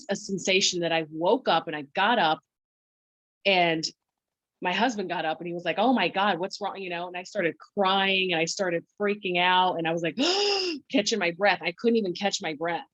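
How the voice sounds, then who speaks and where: A woman guest on a podcast, telling her story in a halting way, full of restarts and quoted self-talk. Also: lowish voice, no room sound. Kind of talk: conversational storytelling. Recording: dull, lo-fi dry sound.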